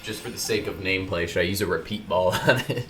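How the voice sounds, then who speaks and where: A man's voice: low voice, quick pace, fairly bright tone, soft background music. A man streaming a game, chatting casually and joking while he plays. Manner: laid-back, joking, talks to himself while playing. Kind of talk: casual gaming chat.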